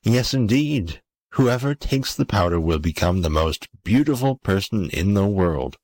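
A man voicing a thoughtful old wizard in a storybook reading, measured and deliberate. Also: fairly low pitch, expressive, darkish tone, no echo.

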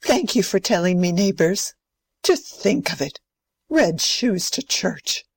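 A woman's voice: medium pitch, sing-song, slow pace, breathy edge, no room sound, full character voice. A woman playing a strict, proper old grandmother who scolds sternly. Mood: scolding. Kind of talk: amateur play reading.

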